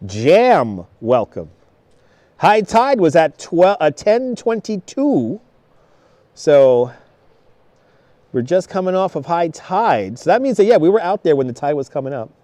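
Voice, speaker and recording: A man's voice: a little high, sing-song, a little slow, mellow, dry recording. Chatty man live-streaming from a snowy beach. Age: 30s. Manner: chatty, greets viewers by name, laughs often. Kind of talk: live stream chat with viewers. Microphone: wireless clip-on mic.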